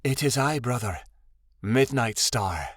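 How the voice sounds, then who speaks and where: Man voicing a high, commanding she-wolf heroine. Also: lively intonation, slow pace, slightly rough, dry recording, clean studio sound. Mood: calm. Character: young female she-wolf, mystical and resolute.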